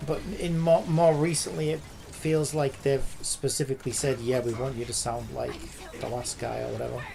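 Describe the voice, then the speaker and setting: Streamer guy, gravelly voice, rambles with lots of like and you know, faint noise behind. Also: mid-range voice, little pitch movement, moderate pace, dark tone. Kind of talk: casual commentary while gaming.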